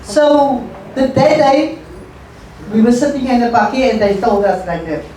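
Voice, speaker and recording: A woman's voice: fairly high pitch, warm tone. Woman telling a personal story. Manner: halting, emotional, repeats phrases. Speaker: interview guest. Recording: echoey room, voice far from mic, faint noise.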